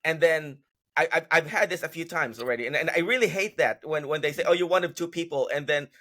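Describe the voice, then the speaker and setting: Bright, rambling male actor telling stories. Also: fairly high pitch, fast. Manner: rambling storyteller, many restarts. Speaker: guest actor. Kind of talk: casual podcast interview. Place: podcast recording.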